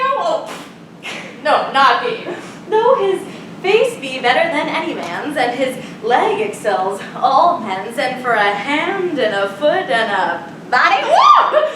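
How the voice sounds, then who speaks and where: A woman's voice: sits high, background noise. A woman acting the part of a fussy, teasing old nurse in a live stage play, groaning and laughing through her lines. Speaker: stage actor. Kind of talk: live student stage performance. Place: theater stage. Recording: echoey hall from far off.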